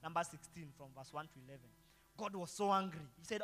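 Male pastor, high bright voice, preaching in a reverberant hall over light guitar. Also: fast talker. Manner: preaching with rhetorical call-and-response questions. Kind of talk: sermon.

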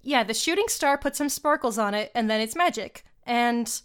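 Smooth and fairly high-pitched, a young podcast co-host talks expressively at a moderate pace. She reviews a film in relaxed chat, giggling and leaning on slang and filler words.

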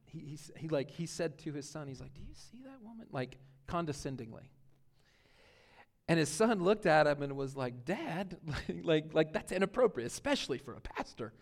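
Male pastor, higher voice, casual preaching style with quiet asides and strong emphasis. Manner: conversational preaching, shifts from soft to emphatic. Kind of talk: sermon.

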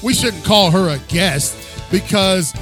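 Animated podcast host man, high voice. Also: measured pace, over music. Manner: showman, sing-song, booming announcer build-ups. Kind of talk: hyped podcast introduction and chat.

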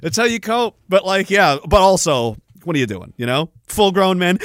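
A man's voice: sits high, very animated, moderate pace, hardly any pauses, fairly bright tone, no echo, clean studio sound. A man in his thirties hosting a solo podcast, ranting in a rambling, profane, self-mocking way. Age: 30s. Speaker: podcast host.

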